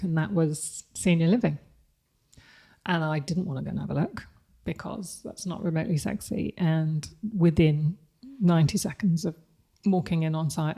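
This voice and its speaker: A woman's voice: low-pitched, moderate pace, mellow. A woman, speaking candidly and reflectively as a podcast guest, laughing often. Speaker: guest, company CEO. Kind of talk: podcast interview conversation.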